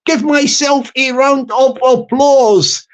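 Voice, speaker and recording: A man's voice: very high-pitched, fairly even intonation, slow pace. A man hosting a casual livestream, rambling and jokey, laughing often and restarting his sentences. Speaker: channel host.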